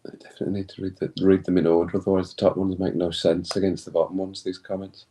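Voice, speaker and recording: A man hosts a casual stream, chatting to his viewers. His voice sits a little low. He reads comments aloud and laughs easily. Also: flat delivery, quick pace, mellow. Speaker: live stream host. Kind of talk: casual watch-along chat.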